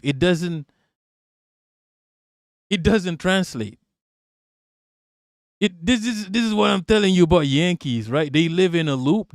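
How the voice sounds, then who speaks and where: A man streams a reaction rant in a fairly high voice, hammering his points and swearing constantly. He is recorded close and dry, with no room sound around him. His delivery is insistent and repetitive. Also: dry recording. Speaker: live-stream political commentator.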